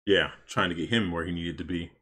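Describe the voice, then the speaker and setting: A man casually commenting on his gameplay for stream viewers, chatty and excitable, talking to his chat. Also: deep voice, brisk, breathy edge. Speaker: streamer playing a life-sim game.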